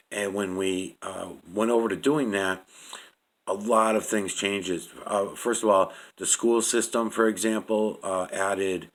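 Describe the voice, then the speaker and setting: A middle-aged man rambling through casual commentary on images he shows, halting with fillers and swearing freely. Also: deep voice, fairly bright tone. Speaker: video creator.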